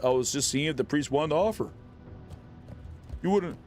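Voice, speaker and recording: A man streaming an online game, excitedly teasing and talking to the characters on screen. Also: a little high, moderate pace, faint music behind. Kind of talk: casual gameplay commentary.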